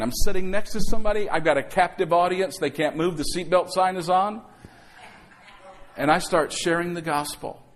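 A man pastor preaching a sermon to his congregation, calling out for amens and acting out quotes. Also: a little high. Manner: calls for amens, acts out quotes. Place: church sanctuary.

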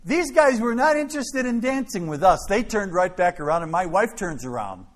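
A middle-aged man preaching, telling a story in an animated, dramatic way. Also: high voice, moderate pace. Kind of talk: sermon storytelling. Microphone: filmed by a camera operator.

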